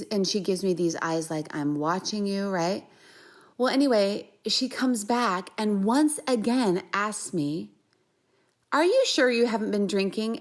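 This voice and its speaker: A woman in her thirties or forties, a mentor and essential oil seller, telling a personal anecdote in a lively, animated way and acting out the quoted lines. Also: fairly high pitch. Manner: lively, acts out each quote, quick asides.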